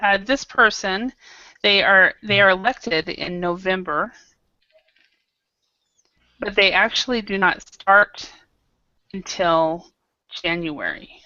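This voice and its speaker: A woman's voice: mid-range voice, takes it slowly, pauses often, sharp tone, no room sound. A woman teaching an online English class, patiently modelling pronunciation over a video call. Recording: dull lo-fi video call audio.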